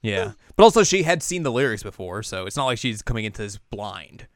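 A man's voice: fairly low pitch, big pitch swings, a little fast, no echo. Young guy chatting thru an anime recap, lots of likes and um, clean resonant voice. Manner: chatty, filler-heavy, laughs often. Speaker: podcast co-host. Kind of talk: casual anime episode recap.

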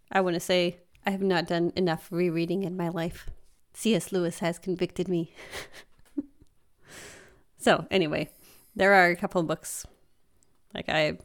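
A woman co-hosting a podcast, with a smooth, clear voice that sits fairly low for a woman. She talks about her work in an earnest, thoughtful way. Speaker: podcast co-host and fantasy author. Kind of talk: casual chat.

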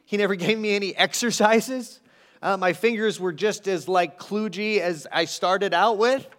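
A man preaching a sermon in an animated, conversational way, with self-deprecating asides. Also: high-pitched, moderate pace. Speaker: pastor.

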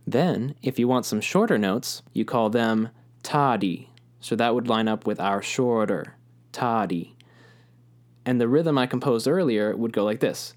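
A man's voice: on the low side, darkish tone. A man teaching a music lesson, patiently explaining rhythms and chanting rhythm syllables aloud.

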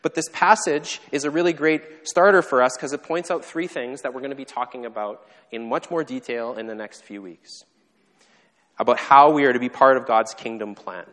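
A man preaching a sermon at an ordinary mid-range pitch, his voice carrying a long reverb through a church hall. He explains things in a relaxed, conversational way and makes light of himself along the way. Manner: conversational and self-deprecating, with playful asides. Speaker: pastor.

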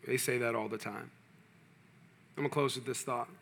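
A man preaching a sermon in a casual, slangy way, repeating phrases and building intensity before dropping to a quiet, hushed tone. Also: medium pitch, fairly even intonation, brisk, vocal fry, long pauses. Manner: preaching with rising intensity, quoting imagined prayers. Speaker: pastor.

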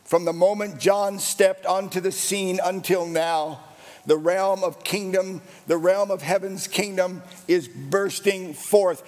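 A man's voice: high voice, fairly even intonation, slow, a little mellow, in a large hall. A man preaching a sermon as pastor, with an emphatic, repetitive cadence.

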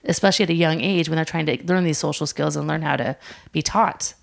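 A middle-aged woman, a preschool director and interview guest, who tells lively stories, laughs often and acts out what the children say. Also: low voice, fast, creaky. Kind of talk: conversational interview.

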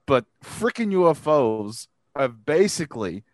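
A man's voice: fairly high pitch, sing-song, measured pace, dry recording. A man hosting a casual podcast chat who rambles, with many fillers and restarts. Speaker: podcast host.

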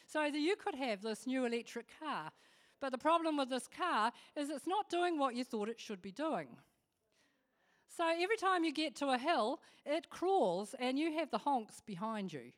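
A woman giving an informal devotional talk, chatty and animated, with humorous asides. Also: high voice, moderate pace. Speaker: devotional speaker.

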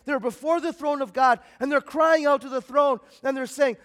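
A man preaching a sermon as pastor, swinging between loud emphatic bursts and quiet, low passages. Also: fairly even intonation, normal speed, few pauses. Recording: long hall reverb.

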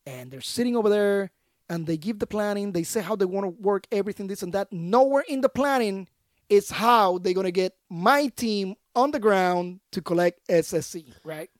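Animated man telling war stories. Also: high-pitched, moderate pace, dry recording, studio quality. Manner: animated, slangy, acts out other voices. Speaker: podcast guest, army veteran. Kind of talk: casual storytelling.

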